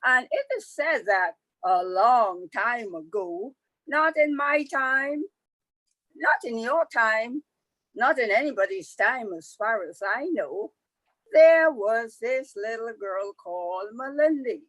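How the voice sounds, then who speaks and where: A woman from the Caribbean telling a folktale to a live audience, lively and conversational with asides. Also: a little high, takes it slowly, no room sound, rough recording. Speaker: storyteller.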